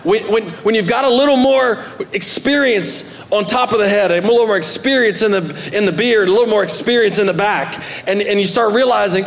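Animated high-voiced male preacher. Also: a little fast, few pauses. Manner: animated, swinging between loud emphatic bursts and soft asides. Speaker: pastor. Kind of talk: sermon. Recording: long hall reverb.

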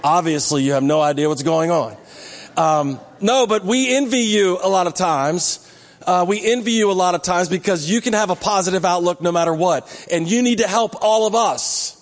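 Male pastor, sermon, chatty and joking, slightly high voice, reverberant church hall. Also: lively intonation, normal speed, some chatter behind. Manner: conversational, joking asides to the congregation. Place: church sanctuary.

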